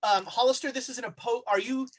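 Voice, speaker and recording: A game master narrating a tabletop horror game, halting often with fillers as he describes the scene. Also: extremely high pitch, steady tone, a bit bright.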